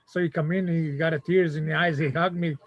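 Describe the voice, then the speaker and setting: An older man from Montenegro with a Montenegrin accent, speaking halting non-native English in a casual chat and acting out the voices of the people in his stories. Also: fairly high pitch, steady tone, muffled recording. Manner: halting non-native English, acts out quoted voices while telling a story.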